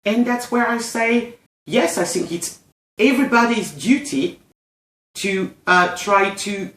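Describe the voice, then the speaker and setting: A woman's voice: medium pitch, animated, takes it slowly, a bit bright, reverberant. A woman from France with a French accent, talking in a casual discussion and often searching for her words. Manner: hesitant, searching for words, many restarts.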